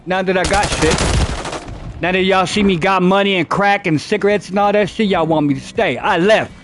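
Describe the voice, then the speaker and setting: A man's voice: sits high, moderate pace, music in the background. A man streaming a game, telling a rambling, profane story and repeating himself as he goes. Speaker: gaming streamer. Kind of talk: casual storytelling while gaming.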